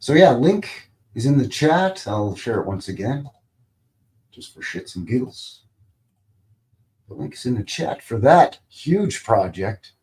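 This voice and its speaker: A man's voice: mid-range voice, sing-song, slow, darkish tone. A man hosting a live stream, chatting casually in a rambling, playful way and tossing in goofy sound effects. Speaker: livestream host.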